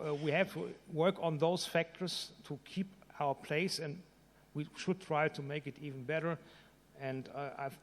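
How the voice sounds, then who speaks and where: Guy giving a conference talk, bit high voice, lots of uhs, echoey hall. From Germany. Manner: halting, with many fillers and restarts. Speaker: conference speaker. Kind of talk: conference presentation.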